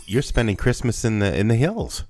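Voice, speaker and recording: A man's voice: medium pitch, animated, a little fast, darkish tone, a little hiss or hum. A man in his fifties co-hosting a podcast from his home studio, chatting loosely and laughing as he rambles. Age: 50s. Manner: rambling, laughs often, restarts. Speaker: podcast co-host. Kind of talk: casual chat.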